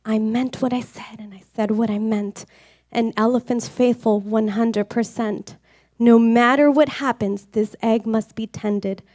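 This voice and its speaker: A woman doing a steadfast gentle elephant. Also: a little high, fairly even intonation, measured pace, no room sound, studio quality, lightly acted. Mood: resolute. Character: faithful gentle male elephant.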